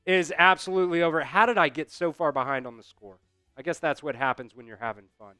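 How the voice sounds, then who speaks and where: A man calling a basketball game as an excited fan host on a live stream, out of breath from doing squats. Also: on the high side, fast, clean tone, dry recording, studio quality, soft background music. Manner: rowdy, chanting and yelling in celebration.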